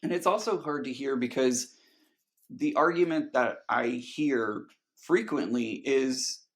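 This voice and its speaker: Slow, gravelly-voiced man. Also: medium pitch. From Texas. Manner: earnest, emotional, halting with restarts. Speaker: podcast guest. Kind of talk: candid conversational interview.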